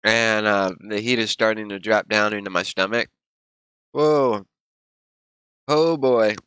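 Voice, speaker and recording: A man's voice: on the low side, flat delivery, normal speed, bright, forceful tone, clear, resonant tone, dry recording. A man livestreaming casually, rambling and groaning in pain with teary eyes and a running nose. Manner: rambling, groaning and gasping from spicy heat. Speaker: streamer.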